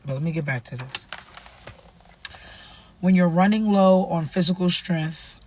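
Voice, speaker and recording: A woman with a low, breathy-edged voice casually offers faith advice and reads a devotional aloud, using slang and repeating herself. She's a vlogger who runs a nonprofit.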